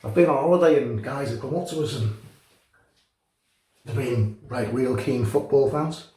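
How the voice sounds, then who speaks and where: Middle-aged scouse guy chatting while he shaves, jokey, mellow voice, bit echoey. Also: medium pitch, moderate pace. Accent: Liverpool. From North West England. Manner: chatty, jokey storytelling with chuckles. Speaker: shaving channel host. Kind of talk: casual chat while shaving. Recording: echoey room.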